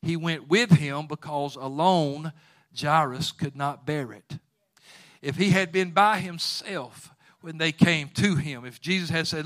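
A man preaches a sermon in folksy phrasing, moving from quiet storytelling to loud, fervent exhortation. His voice is on the high side and his pace a little slow.

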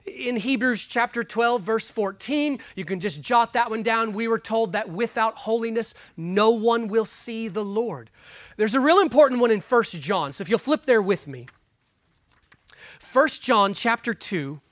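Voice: medium pitch, measured pace, no echo. Earnest preacher with dry close sound. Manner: earnest, emphatic, shifts between loud stresses and quiet asides; guides listeners through Bible passages. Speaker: pastor. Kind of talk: sermon with scripture reading.

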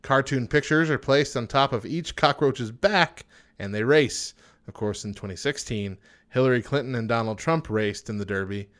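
A man's voice: mid-range voice, moderate pace, fairly bright tone. A young man hosting a casual chat show, reading out odd news items and joking about them. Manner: reads facts aloud then jokes. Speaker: podcast host.

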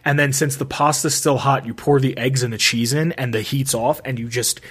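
A man's voice: mid-range voice, steady tone, moderate pace, fairly bright tone, slightly rough. Rambling young man chatting casually. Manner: rambling, frequent "like" and restarts. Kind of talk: casual chat.

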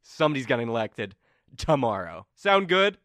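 A man voicing a slippery, breezy man in power who brushes people off in a high, bouncy voice. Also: very animated, normal speed, fairly bright tone, no room sound.

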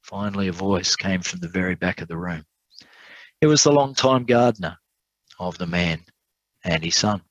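A man preaching, telling an illustration story in an earnest way and slowing down for emphasis. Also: low voice, animated, no echo, muffled recording. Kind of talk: sermon storytelling.

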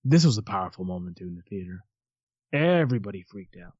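A man co-hosting a casual movie watch-along, animated and swearing casually, quick to laugh. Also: low voice, slightly rough, no echo, muffled recording. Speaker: podcast co-host.

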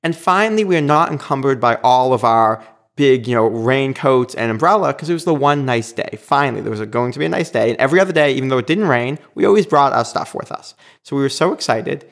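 A man casually telling a personal anecdote, animated and quick to act out what others said. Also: medium pitch, creaky. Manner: animated, acts out quoted lines. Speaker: storyteller.

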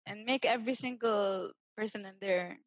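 A woman's voice: medium pitch, normal speed, no room sound, lo-fi sound. Chatty young woman podcast co-host. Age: young adult. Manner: chatty, with many "you know"s. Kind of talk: casual chat on a video call. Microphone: video call.

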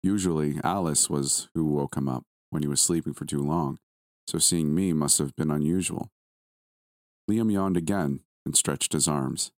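A man with a very deep, low voice tells a first-person horror story. He reads at a calm, measured pace, close on a dry, dead mic. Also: dry recording. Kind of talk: first-person scripted narration.

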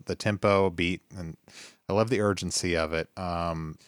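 A man with a fairly low voice chats about music on a podcast, relaxed and full of ums. The sound is dry and close to the mic. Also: measured pace, smooth, no echo. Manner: relaxed, hesitant, many fillers. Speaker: podcast co-host. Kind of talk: casual chat about music.

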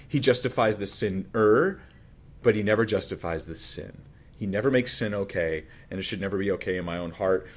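A man's voice: fairly low pitch, breathy edge. A man preaching a sermon as a pastor, teaching through a Bible passage in a conversational way with emphatic rises and frequent restarts.

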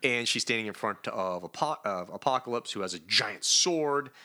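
A man's voice: on the low side, expressive, normal speed, sharp tone. A man co-hosting a comic book podcast, casually retelling scenes, acting out characters' lines and laughing often. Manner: laughs often, playful asides. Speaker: podcast co-host.

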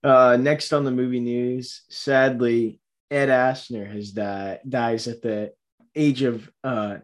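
Dude chatting movies on a podcast, kinda rambly, lots of "like" and "uh", mid-pitch voice. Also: male voice, steady tone, takes it slowly. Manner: rambling, upbeat, many fillers and restarts. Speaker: podcast co-host. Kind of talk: casual movie podcast chat.

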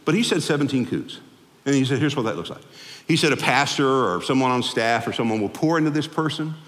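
A man preaching a sermon to his congregation, animated, with sudden swings in pitch and loudness as he acts out the people he quotes. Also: brisk. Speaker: pastor. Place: church sanctuary. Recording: long hall reverb.

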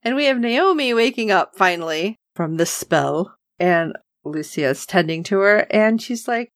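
A woman co-hosting a casual chat, recapping an episode and acting out the characters' lines with lively reactions. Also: medium pitch, a little slow, dry recording, clean studio sound. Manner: animated, acts out characters' lines. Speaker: podcast co-host recapping a TV episode.

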